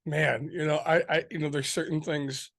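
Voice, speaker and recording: A man's voice: on the high side, level tone, moderate pace, creaky, a bit bright. A man co-hosting a podcast in casual chat, telling stories animatedly and swearing often. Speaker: podcast co-host.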